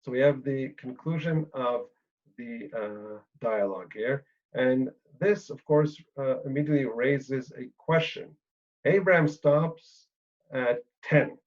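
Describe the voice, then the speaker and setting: A man explaining scripture at a mid-range pitch, working his thoughts out aloud with frequent pauses and fillers. He leans on little "right?" tags to keep his listeners with him. The sound is dull and lo-fi, like an older lecture recording. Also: darkish tone. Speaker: Bible lecturer.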